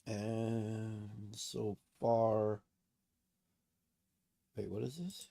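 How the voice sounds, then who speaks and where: A man's voice: lowish voice, flat delivery, drawn-out words, gravelly, dark tone. A man chatting alone on a late-night livestream, rambling, cursing and mocking himself, sitting close to a desk mic at home. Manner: rambling, self-mocking and profane. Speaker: streamer. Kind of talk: casual solo livestream chat.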